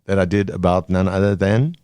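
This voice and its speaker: A very low-voiced man speaks haltingly, full of fillers and restarts. His voice is close and dry, with no room sound. He talks as a podcast guest about his work. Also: fairly even intonation, a little mellow, smooth, no echo. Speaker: guest cartoonist. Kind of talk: podcast interview.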